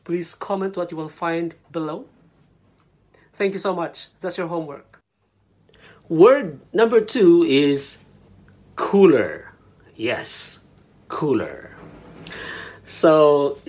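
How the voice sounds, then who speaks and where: A Filipino man with a Filipino accent, chatting casually in a teaching vlog and repeating words slowly so viewers can practice saying them. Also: on the high side, big pitch swings, a little mellow. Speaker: language vlogger.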